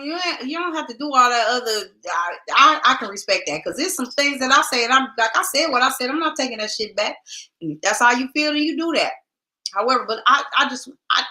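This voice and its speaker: A woman hosting a podcast, chatting casually with her viewers and reading their comments in a lively, direct way. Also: mid-range voice. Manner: lively, talks straight to viewers, drawn-out "child, listen". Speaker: podcast host.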